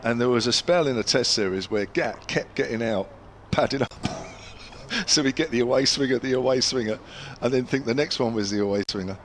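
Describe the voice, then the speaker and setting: Ball-by-ball cricket commentary comes from an older English former county player who tells anecdotes between balls, chatty as a born storyteller. His pitch is medium and his pace a bit quick, over a faint hiss or hum.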